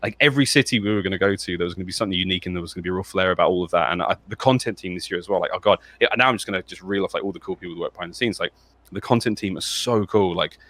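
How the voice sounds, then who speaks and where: A man, an esports caster, chatting in an excitable, rambling way with lots of fillers. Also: sits low, rapid-fire. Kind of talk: casual chat.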